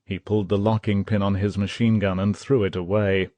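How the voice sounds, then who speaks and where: Low-voiced man narrating an audiobook. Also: no echo. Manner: measured, steady storytelling, voicing characters' shouts. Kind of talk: scripted narration.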